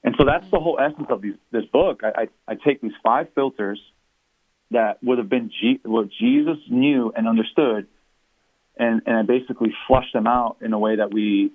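A man who is a pastor and author, speaking as an interview guest and explaining his views in an earnest, measured way. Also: medium pitch, no room sound. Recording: tinny phone-line sound.

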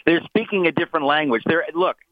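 A man's voice: fairly high pitch, fast talker, no room sound. A middle-aged man talking as a guest commentator, emphatic and mocking, stumbling over repeated words. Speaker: guest author. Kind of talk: heated talk show commentary. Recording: tinny phone line.

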